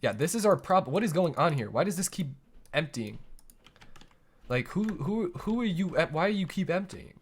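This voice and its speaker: A man's voice: fairly high pitch, big pitch swings, normal speed, husky. A young man streaming a building game live, talking to himself in a rambling, playful way with little boop noises. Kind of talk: live gameplay commentary.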